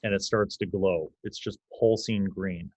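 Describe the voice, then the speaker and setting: A man's voice: low voice, fairly even intonation, unhurried, a little mellow, no echo. A man narrating a tabletop game as game master in a casual way, with loose fillers.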